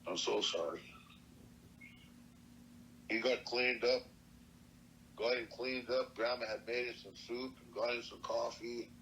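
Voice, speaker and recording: A man's voice: medium pitch, flat delivery, measured pace, a bit bright, slight background noise, poor audio. An older man from Montana telling a personal story from his youth, plainspoken and earnest, with salty language. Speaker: elder storyteller. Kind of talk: personal oral-history storytelling.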